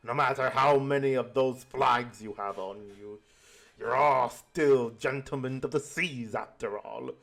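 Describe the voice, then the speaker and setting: A man's voice: mid-range voice, measured pace, gravelly, fairly bright tone. A man voicing a hostile rival sea captain who speaks curtly. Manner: curt and threatening.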